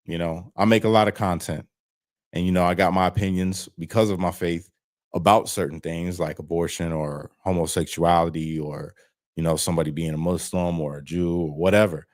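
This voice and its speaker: A man's voice: low-pitched, steady tone, fairly quick. A man on parole, speaking as an interview guest over a video call, telling his story in a frank, plain-spoken way and swearing freely. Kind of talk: candid casual storytelling.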